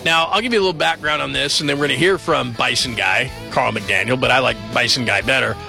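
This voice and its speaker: A man's voice: mid-range voice, quick pace, creaky, sharp tone, faint music behind. A man hosting a late-night sports talk radio show, chatting and joking in a loose, rambling way from the studio.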